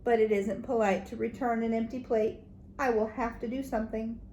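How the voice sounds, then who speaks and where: A woman's voice: fairly high pitch, fairly even intonation, moderate pace, mellow, lightly acted. Amelia Bedelia, read by a woman. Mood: earnest. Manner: polite, earnest, matter-of-fact. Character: literal-minded cheerful housekeeper woman. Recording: echoey room, faint background noise.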